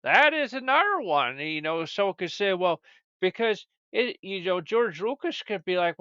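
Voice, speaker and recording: A man's voice: high-pitched, lively intonation, a little slow, pushed and bright, clear, resonant tone, dry recording. A man hosting a comedic show, rambling and stammering as he chats. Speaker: show host. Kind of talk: comedic podcast chat. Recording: dull, lo-fi dry recording.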